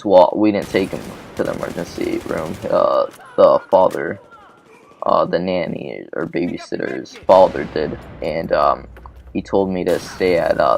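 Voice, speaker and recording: Male gaming host, gravelly voice, casual rambling story, swearing, filler words. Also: low-pitched, measured pace, a little hiss or hum. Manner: rambling, profane, lots of fillers. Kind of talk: casual storytelling over gameplay.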